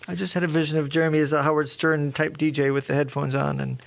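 A man co-hosting a podcast in casual banter, joking and trading quick insults. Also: a little high, little pitch movement, gravelly. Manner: jokey, trades quick insults and impressions. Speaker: podcast co-host.

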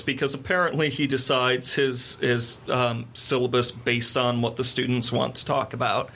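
A man in a casual chat, an animated storyteller who laughs often while retelling a film plot. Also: medium pitch, normal speed, hardly any pauses.

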